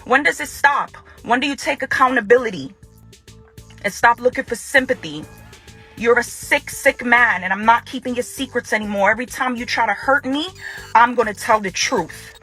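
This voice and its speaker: An enraged ex-wife confronts her ex-husband directly to camera, her fairly high voice pushed, bright, and slightly rough. She repeats phrases for emphasis throughout her angry statement.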